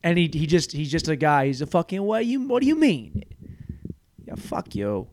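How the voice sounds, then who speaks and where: A man's voice: on the high side, wildly swooping pitch, normal speed, noisy background. A man hosting a podcast, rambling crudely through a comedic monologue, with cluttered speech where his words tumble together, laughing at his own jokes. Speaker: podcast host. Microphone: studio mic on a stand.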